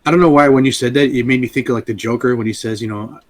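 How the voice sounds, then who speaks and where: A man's voice: medium pitch, steady tone, racing. A man co-hosting a casual movie podcast, easygoing and telling stories about his family. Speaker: podcast co-host. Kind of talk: casual chat.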